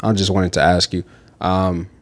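A man's voice: low voice, little pitch movement, moderate pace. A man co-hosting a podcast in casual chat, laid-back and mostly giving brief agreeing replies. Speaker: podcast co-host.

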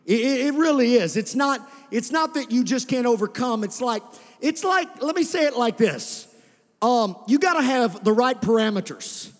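A man preaching a sermon in a church, speaking conversationally and calling out to the congregation to respond. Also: very high-pitched. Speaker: pastor. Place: church sanctuary. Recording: long hall reverb.

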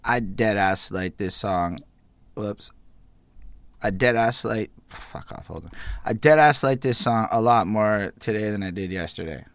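A man's voice: on the low side, a little slow, no room sound. Guy chatting about songs, lots of slang and swearing, dry sound. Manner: slangy, profane, animated. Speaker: music reviewer. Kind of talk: casual chat.

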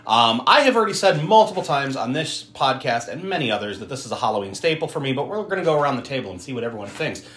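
A man hosting a casual podcast chat who talks in an animated way and laughs often. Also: medium pitch, fast, few pauses, echoey room, slight background noise. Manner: animated, laughs often, mimics people in quotes. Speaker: podcast host.

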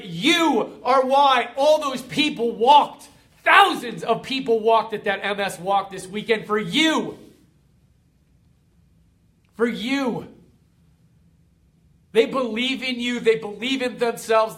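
A man's voice: very high-pitched, a bit bright. A young man giving a motivational pep talk to his community as its host, fervent and emotional, hammering home repeated refrains.

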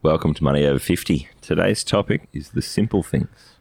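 Very deep man, teasing. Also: a little fast, vocal fry, a little mellow, soft background music. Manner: teasing, joking banter. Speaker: podcast co-host, financial adviser. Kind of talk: casual chat.

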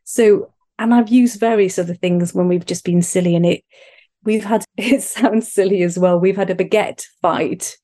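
Warm-toned Welsh-born mother telling stories. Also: medium pitch, normal speed. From Wales. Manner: earnest, animated when telling stories, self-deprecating. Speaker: guest. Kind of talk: podcast interview, personal story.

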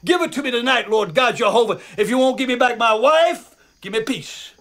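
Desperate praying man in film clip, pleading, very high strained voice. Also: animated, a little fast, full character voice. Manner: pleading, raw, shouting then muttering. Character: anguished middle-aged man praying, yelling at God.

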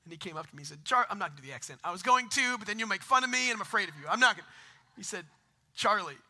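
A man's voice: high-pitched, animated, racing, pushed and bright. A man in his thirties preaching a conversational sermon, breaking into self-deprecating jokes and asides. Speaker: pastor.

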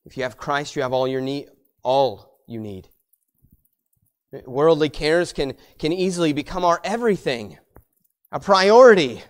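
A man preaching a sermon as pastor, rising to loud emphatic peaks and dropping to quiet low asides, repeating words as he builds his points. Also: lively intonation, a little slow, long pauses.

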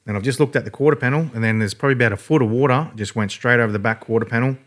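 A man's voice: medium pitch, racing, a bit bright. An Australian man telling a story in a rambling, laid-back way, swearing freely. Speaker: podcast guest. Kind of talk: casual storytelling.

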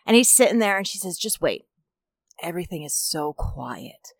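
Woman with a lowish voice telling a joke. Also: a little fast, vocal fry, no echo. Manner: animated narrator, acts out voices in her jokes. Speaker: podcast co-host. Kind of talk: casual joke storytelling.

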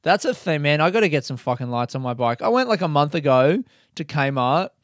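A man's voice: on the high side, lively intonation, fairly quick, no room sound, studio quality. A young man hosting a podcast alone, telling a rambling story in a casual way, swearing freely and laughing at himself. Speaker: podcast host.

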